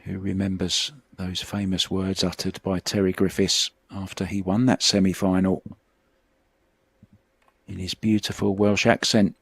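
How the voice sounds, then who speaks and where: A man's voice: deep voice, little pitch movement, unhurried, vocal fry, a bit bright, breathy edge. A middle-aged man, commentating on a pool match in a chatty, reminiscing way. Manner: chatty, reminiscing between shots.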